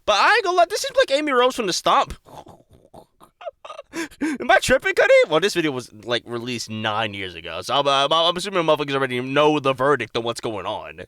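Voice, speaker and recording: A young man hosting a reaction video, cursing and talking loudly back at what he watches. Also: on the high side, a little fast, no echo, clean studio sound. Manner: loud, profane, excitable, talks to the screen. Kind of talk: live reaction commentary. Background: loud music from the video he watches.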